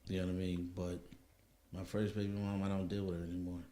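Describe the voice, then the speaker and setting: A man's voice: low voice, little pitch movement, fast talker, dark tone. A middle-aged man in casual chat, telling his story in a reflective way and often asking "you know what I mean.". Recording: echoey room, faint background noise.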